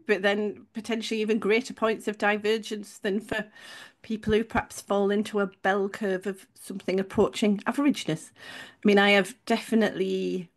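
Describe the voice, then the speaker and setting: Chatty English woman telling a story. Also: medium pitch. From England. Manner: chatty storytelling with restarts and self-corrections. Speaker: podcast co-host. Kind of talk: casual chat.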